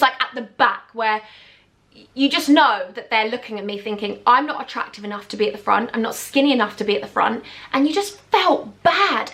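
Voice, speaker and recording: A young woman in her twenties telling a storytime vlog to camera, animated and acting out the people she quotes. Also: fairly high pitch. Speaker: YouTuber.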